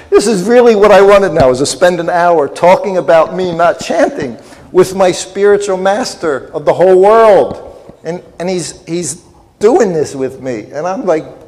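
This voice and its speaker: A man's voice: on the high side, expressive, unhurried, a little mellow. An older man telling a humorous, self-deprecating story as a festival speaker. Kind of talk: storytelling lecture. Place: festival hall. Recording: long reverb in a hall.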